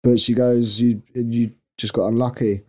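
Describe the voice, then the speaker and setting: Young male podcast co-host, warm low-toned voice, self-mocking and giggly. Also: flat delivery, measured pace. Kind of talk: casual storytelling chat.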